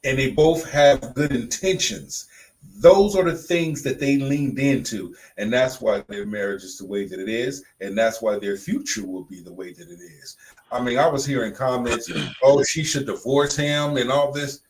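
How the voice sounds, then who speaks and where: A man's voice: medium pitch, moderate pace, poor audio. A man co-hosting a podcast in casual chat, blunt and emphatic, repeating phrases for punch. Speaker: podcast co-host.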